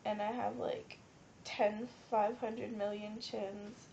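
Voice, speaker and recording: A young woman in her late teens with a stuffy nose and a hoarse cold voice, rambling and giggly as she vlogs. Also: mid-range voice, level tone, takes it slowly, dark tone. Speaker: vlogger. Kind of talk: rambling casual vlog. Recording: dull lo-fi webcam audio with faint hiss.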